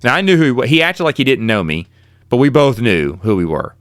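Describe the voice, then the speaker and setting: A man's voice: medium pitch, fairly quick, no room sound, clean studio sound. A middle-aged man telling his own college stories in a casual, rambling way, often correcting himself mid-sentence. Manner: rambling, animated, with self-corrections. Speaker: podcast host. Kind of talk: casual storytelling monologue.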